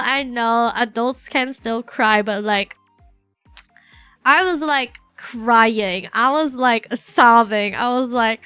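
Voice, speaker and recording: A woman's voice: on the high side, unhurried, clear, resonant tone, no echo, faint music behind. A young woman streamer in casual chat, telling rambling stories with lots of fillers. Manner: chatty, rambling, animated storytelling with many fillers.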